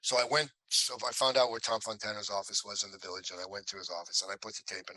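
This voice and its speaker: A man's voice: fairly low pitch, fast, few pauses, dry recording, low-quality recording. A man telling stories from his acting career in an interview, acting out the voices of the people in them. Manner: animated storyteller, acts out quotes. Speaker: actor guest. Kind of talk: storytelling interview.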